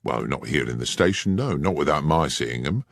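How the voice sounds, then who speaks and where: A plain country railwayman, as a male narrator puts him on, answers politely and matter-of-factly. His voice is deep and gravelly. It is a close, dry storybook reading. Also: lively intonation, moderate pace, no room sound, exaggerated voice. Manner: plain, deferential and matter-of-fact. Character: plain-spoken rural railway stationmaster.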